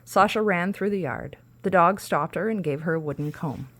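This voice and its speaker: A woman's voice: on the low side, moderate pace. A woman podcast host reading a children's storybook aloud, with casual asides between the narration.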